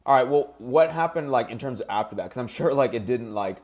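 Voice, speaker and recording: A man's voice: medium pitch, animated, brisk, darkish tone. A man hosting a podcast, summing up his guest's story and asking follow-up questions. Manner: summarizing, asks follow-up questions. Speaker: podcast host. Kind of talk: casual interview.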